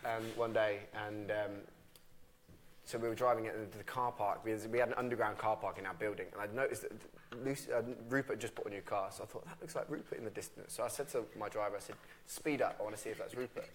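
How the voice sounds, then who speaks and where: A man on a live press panel tells his stories quickly, in a somewhat low voice. He rambles cheerfully, with plenty of fillers and restarts. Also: a little hiss or hum. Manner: lively anecdotes with many fillers and restarts. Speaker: cast member on a panel. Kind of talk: casual storytelling at a live press event.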